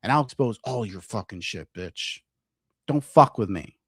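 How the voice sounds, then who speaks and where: A man's voice: fairly low pitch, expressive, normal speed, husky, dry recording, clean studio sound. A man hosting a livestream commentary show, ranting profanely and combatively at viewers in his chat.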